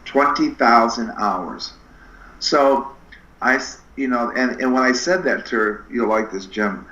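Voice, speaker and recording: A middle-aged man telling stories as a podcast guest in an energetic, animated way, acting out the dialogue in his anecdotes. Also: medium pitch, unhurried. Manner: animated, acts out quoted dialogue with shifting voices. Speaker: podcast guest, spinal screener. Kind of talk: energetic storytelling interview. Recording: echoey room, slightly dull sound.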